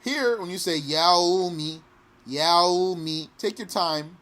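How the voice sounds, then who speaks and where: A man teaching pronunciation patiently, repeating each phrase slowly and sometimes chanting it. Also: high-pitched, fairly bright tone. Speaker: recitation teacher. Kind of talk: pronunciation lesson.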